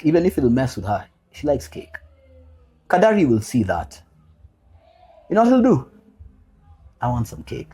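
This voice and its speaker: A man's voice: medium pitch, warm tone, slightly rough. A man speaking as a podcast guest, telling his story as a father in a heartfelt way, repeating key phrases and mixing casual slang with earnest reflection. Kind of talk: personal storytelling in a podcast interview.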